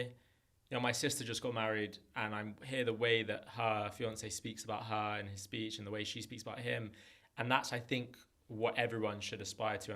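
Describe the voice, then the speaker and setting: A man in his thirties, a comedian guest chatting casually on a podcast in an animated, jokey way and quick to laugh. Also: fairly low pitch, creaky. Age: 30s.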